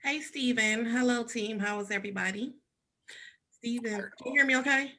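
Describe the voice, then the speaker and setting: A woman joins a team video call with a bright, forceful tone. She sounds excited and grateful, using plenty of fillers as she talks. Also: on the high side, moderate pace. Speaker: team member guest on call. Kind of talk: casual testimonial on a video call.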